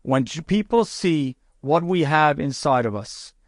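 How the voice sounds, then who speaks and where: A man, a rabbi, telling a story in a sermon with a conversational, animated manner. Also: a little high, measured pace, no room sound, studio quality.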